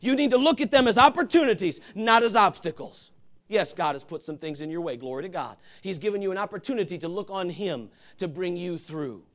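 Male pastor, passionate sermon delivery, high voice with wide swings, shifting between loud calls and quiet asides. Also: expressive, brisk.

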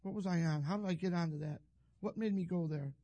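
A man's voice: sits high, fast talker, dark tone. An older man, a pastor telling a rambling, folksy story in a sermon. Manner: rambling, folksy, self-interrupting.

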